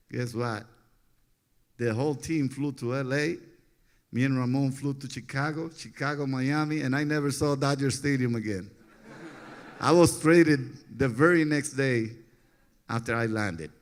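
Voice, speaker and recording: A man, telling stories in a relaxed interview, often laughing and getting animated when he quotes others. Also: mid-range voice. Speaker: interview guest, former pitcher.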